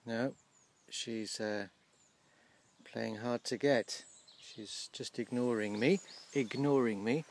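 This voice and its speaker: A man giving casual, gently humorous commentary outdoors by a field, slowly explaining English words as he films. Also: medium pitch. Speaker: vlogger teaching English.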